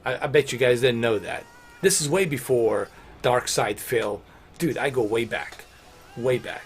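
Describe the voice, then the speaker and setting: A man's voice: mid-range voice, a little slow, a little hiss or hum. A middle-aged man streaming games, chatting casually and rambling, with lots of "dude" and "man". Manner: rambling, laid-back, says dude and man a lot. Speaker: gaming streamer. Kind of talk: casual game-stream chat.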